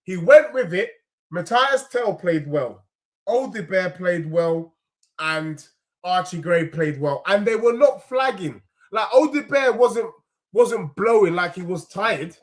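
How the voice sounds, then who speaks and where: A man's voice: high-pitched, lively intonation, slow pace. A young man with a London accent, hosting a football reaction stream and ranting heatedly in slang, repeating his points. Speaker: football fan channel host.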